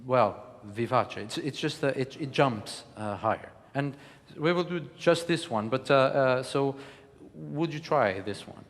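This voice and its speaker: A man lecturing and coaching verse declamation, animated and encouraging, with frequent hesitation fillers. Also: mid-range voice, a little slow, in a large hall. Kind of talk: teaching lecture with spoken demonstrations.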